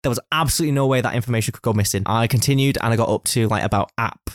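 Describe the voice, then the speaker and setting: A man's voice: medium pitch, racing, no room sound, studio quality. A man chatting casually, teasing and telling a long story about his office work. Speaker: office worker. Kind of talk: casual chat.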